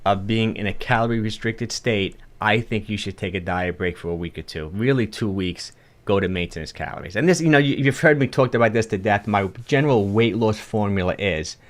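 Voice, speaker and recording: A man with a New York accent, a fitness coach giving casual, encouraging advice on a livestream and answering viewer chat, often restarting his sentences. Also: on the low side.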